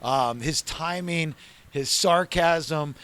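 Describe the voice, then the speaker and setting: A man's voice: fairly high pitch, slow pace, fairly bright tone, clean tone. A man hosting a podcast, chatting casually and enthusiastically with his guest. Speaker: podcast host. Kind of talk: casual chat.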